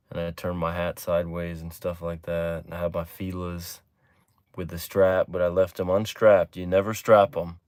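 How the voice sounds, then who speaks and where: Low-voiced Texan man, livestream host, smooth tone, dry close mic, loose chatty delivery that perks up now and then. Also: normal speed, no echo. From Texas. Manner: relaxed, chatty, drifting from low mumbles to excited bursts. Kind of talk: casual livestream chat reading comments.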